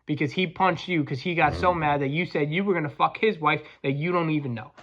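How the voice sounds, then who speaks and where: A man's voice: on the high side, brisk, a bit bright, lo-fi sound, close to an everyday voice. A man voicing a gleeful middle-aged boss who mockingly laughs about firing someone.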